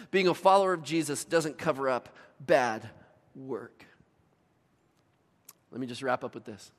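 A man's voice: mid-range voice, expressive, measured pace, pauses often. A middle-aged man preaching a sermon as pastor, telling stories with voiced asides. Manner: storytelling with voiced asides and laughs. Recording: long reverb of a large hall.

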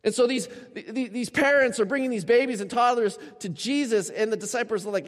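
A male pastor delivering a sermon, his voice sitting a little high for a man and ringing with a long church-hall reverb. He tells stories animatedly, slipping into the voices of the people he quotes. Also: normal speed, hardly any pauses.

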